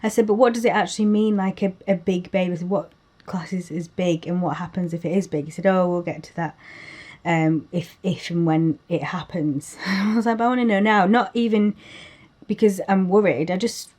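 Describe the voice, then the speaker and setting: A woman's voice: on the low side, normal speed, darkish tone. A young woman telling a story in a chatty way to her camera, laughing often and acting out the quotes. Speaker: vlogger sharing pregnancy updates. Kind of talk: casual chat.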